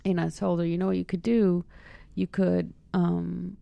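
A woman guest in a casual conversation, telling lively stories and acting out the voices she quotes. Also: on the low side, unhurried, vocal fry, no room sound. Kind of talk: casual chat.

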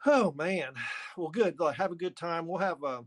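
A man's voice: on the high side, expressive, normal speed. A man hosting a podcast in casual chat, laughing along and repeating words, with many fillers. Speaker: podcast host.

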